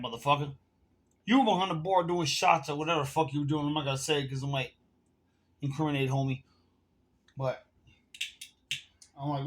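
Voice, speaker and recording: A man's voice: fairly high pitch, fairly quick, long pauses, a bit bright. A man ranting to camera in a casual vlog, telling a heated, profane story while smoking and drinking. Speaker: vlogger.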